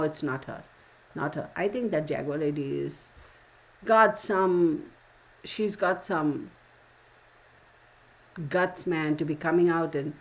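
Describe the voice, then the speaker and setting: A chatty middle-aged woman with a drawl hosts a casual live stream, gabbing with her viewers. Her voice sits a little low for a woman. She is animated and gossipy and exclaims often. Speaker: tarot reader answering live chat.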